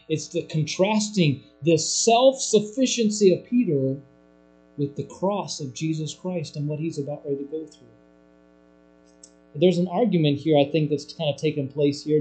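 A man preaching a sermon, swinging between hushed, low lines and loud, emphatic ones. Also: expressive, a little slow, soft background music, poor audio.

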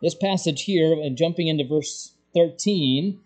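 A middle-aged man preaching a sermon as pastor, in a halting, conversational way with frequent fillers and restarts. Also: on the high side, a little mellow.

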